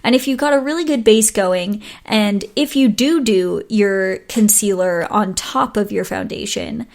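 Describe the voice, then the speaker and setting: A woman's voice: mid-range voice, unhurried, gravelly. A woman hosting a solo podcast, giving advice in a chatty, casual way, often stumbling over words and laughing at her own slips. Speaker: podcast host.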